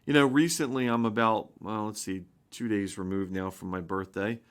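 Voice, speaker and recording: A man's voice: on the low side, fairly even intonation, normal speed, clean tone. A man in his fifties, a pastor giving an informal spoken sermon, earnest and rambling, with frequent restarts and rising emphasis. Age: 50s.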